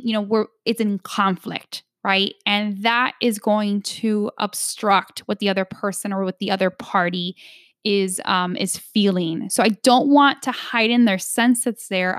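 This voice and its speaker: A woman's voice: mid-range voice, no room sound, clean studio sound. A woman coaching an audience on negotiation in an emphatic instructional talk, often tagging her points with "right?".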